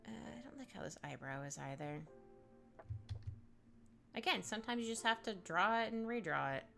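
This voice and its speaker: Female streamer, casual drawing-stream chatter, bright forward tone, faint background music. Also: mid-range voice, lively intonation, normal speed, creaky. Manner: chatty, reads chat aloud, laughs often, trails off while drawing. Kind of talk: casual live-stream chat while drawing.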